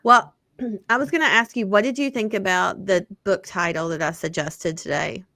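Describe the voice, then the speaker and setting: A woman co-hosting a casual book chat, rambling with plenty of fillers and swearing. Her voice sits in a middle pitch and sounds dry and close, with no room around it. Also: moderate pace, bright, forceful tone, no room sound. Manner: chatty, swearing, lots of fillers and like. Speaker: podcast co-host. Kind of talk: casual chat about romance books.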